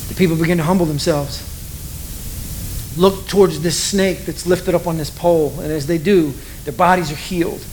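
A male pastor delivers a sermon in a noticeably high voice, bringing the story to life by acting out its characters. Faint steady hiss sits under the recording. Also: moderate pace, poor audio. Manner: animated storytelling, acts out voices of people in the story.

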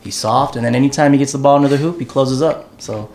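A man of middling pitch speaks with confidence as he tears apart a player's game, swearing freely. A faint hiss sits under the talk. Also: fast, vocal fry, a little mellow. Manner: confident, profane basketball critique. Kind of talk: casual sports banter.

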